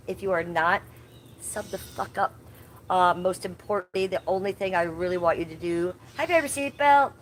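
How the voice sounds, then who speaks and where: Chatty woman livestreaming, lowish voice. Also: level tone, normal speed, slight background noise. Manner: chatty, easily sidetracked, playful baby talk to animals. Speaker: livestream host. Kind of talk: casual livestream chat. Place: outdoors at home, yard with trees.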